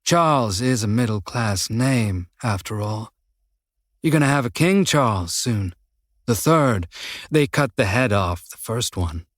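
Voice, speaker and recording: Male narrator voicing a slow, taunting Texan killer, nasal drawl, medium pitch. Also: lively intonation, dry recording, studio quality, close to an everyday voice. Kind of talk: audiobook character voice.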